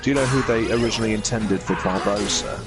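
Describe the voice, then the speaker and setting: A man commentating casually over gameplay, sharing trivia in a relaxed, halting way. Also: lowish voice. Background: game music.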